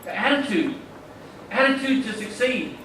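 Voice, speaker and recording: A man's voice: very high voice, moderate pace, a bit bright, a little hiss or hum. A man giving an enthusiastic motivational talk at a conference, preaching and telling stories. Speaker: keynote speaker. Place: large conference hall. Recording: echoey hall from far off.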